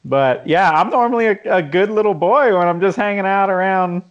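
A high-pitched man chats loosely on a podcast and leans on fillers. The sound is slightly dull. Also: a little fast, clear, resonant tone. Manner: chatty, filler-heavy. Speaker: podcast co-host. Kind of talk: casual podcast chat.

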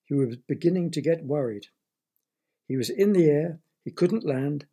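Husky man reading a children's story. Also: a little high, normal speed, faint music behind. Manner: gentle, explains words to young listeners.

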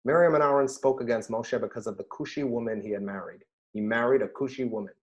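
A middle-aged man, a rabbi, chatting casually about scripture and telling stories with lively bursts when he quotes himself. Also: medium pitch, fast talker, dull audio. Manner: animated storyteller, rises sharply when quoting himself. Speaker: rabbi and podcast host. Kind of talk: casual Torah discussion and storytelling.

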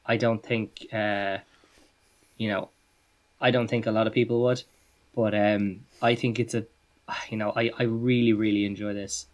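Irish podcast co-host, low and monotone voice, rambling and enthusiastic. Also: male voice. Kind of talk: casual chat reviewing beer.

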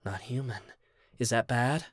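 A man voicing a soft-spoken, innocent and coaxing young man. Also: medium pitch, unhurried, no echo, studio quality, natural voice.

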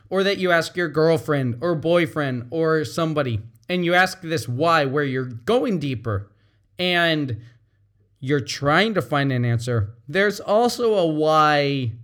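A man's voice: fairly high pitch, a bit bright. A man, a teacher and parent, giving a reflective talk, explaining patiently and repeating his key points.

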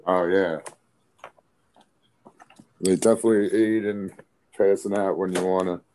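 A man's voice: deep voice, steady tone, unhurried, dark tone, a little hiss or hum. A man in casual podcast chat, joking and laid-back.

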